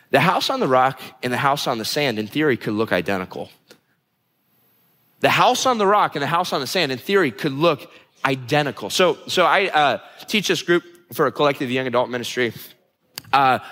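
A young adult man preaching a sermon in a conversational, animated way, teasing his listeners. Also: medium pitch, in a large hall. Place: church hall before a live congregation.

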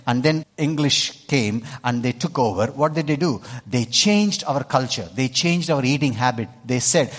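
A husky-voiced man with an Indian accent delivers a sermon, pressing his points and regularly checking in with the congregation. His voice rings out with a long reverb, as if heard in a large church hall. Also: mid-range voice, expressive, normal speed, hardly any pauses. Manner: emphatic, keeps checking in with the congregation. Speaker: pastor.

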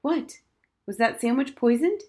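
Fiery young schoolgirl, blunt and forceful, read by a woman narrator. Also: mid-range voice, normal speed, lightly acted. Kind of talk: audiobook character voice.

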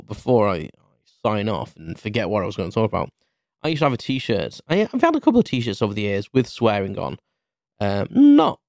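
A man's voice: medium pitch, a little mellow, dry recording, clean studio sound. A British man in his thirties, a podcast host rambling through a casual story with many restarts. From United Kingdom.

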